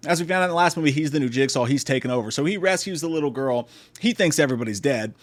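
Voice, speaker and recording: A man's voice: a little high, lively intonation, rapid-fire. A man giving a casual comedic film review, sarcastic and profane, who often slips into mocking impressions. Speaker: movie review host.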